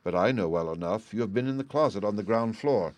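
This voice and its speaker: A man's voice: lowish voice, lively intonation, fast talker, a little mellow, dry recording, close to an everyday voice. A man voicing Bluebeard, a stern, menacing husband who speaks in an accusing way.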